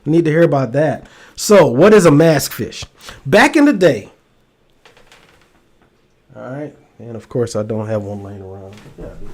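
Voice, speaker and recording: A man hosting a casual livestream chat, joking and animated as he talks straight to his viewers. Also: mid-range voice, normal speed, pauses often. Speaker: host.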